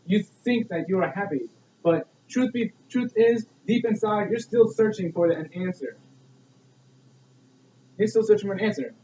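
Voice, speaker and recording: A young man delivers a persuasive speech in an earnest, preachy way, leaning on rhetorical questions. His voice sits high for a man. The sound is roomy and dull, picked up from some distance away. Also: moderate pace, warm tone, a little hiss or hum. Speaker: student speaker.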